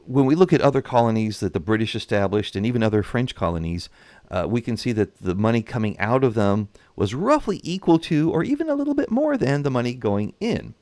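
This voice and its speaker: A man giving casual, animated history commentary, acting out nations in voices and chuckling. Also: mid-range voice, fairly quick, no echo. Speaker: history and strategy game commentator.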